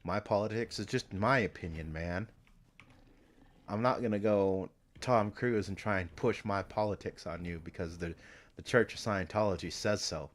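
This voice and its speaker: A man with a fairly low voice rambles on a live stream. He thinks out loud, drops casual swear words and keeps circling back and restarting his sentences. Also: normal speed. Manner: meandering, swears often, trails off and restarts.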